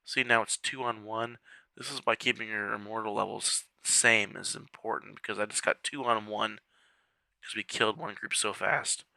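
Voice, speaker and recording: This walkthrough maker has the hiccups while he chats casually over a strategy game, muttering to himself as he clicks through menus. He speaks at a moderate pace in a lowish, steady voice that's sharp with vocal fry, and the recording is dry.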